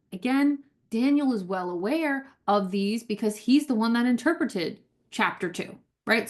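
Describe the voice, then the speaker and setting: A woman leading a Bible study, explaining scripture in a relaxed, conversational way and slowing down to read verses aloud with emphasis. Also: medium pitch. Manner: conversational, keeps asking "right?", reads scripture aloud slowly with emphasis. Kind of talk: casual Bible study teaching.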